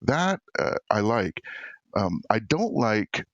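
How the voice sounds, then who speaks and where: A man's voice: on the low side, very animated, slow pace, a bit bright, dry recording, highs cut off. A man talking as a guest on a casual podcast, easygoing and full of fillers.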